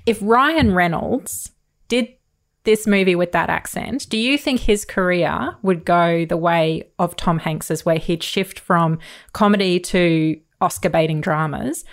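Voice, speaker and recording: A woman co-hosting a podcast, talking in lively casual chat and quick to laugh. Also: on the low side.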